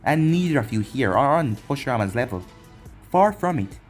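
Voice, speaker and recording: A man reading a fan-made anime story as narrator, plain and unhurried. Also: medium pitch, very animated, faint music behind.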